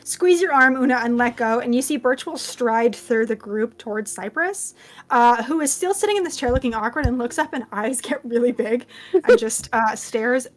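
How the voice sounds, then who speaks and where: A woman's voice: a little high, lively intonation, moderate pace. A woman narrating as game master in a casual, chatty way. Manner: casual, chatty, laughing often.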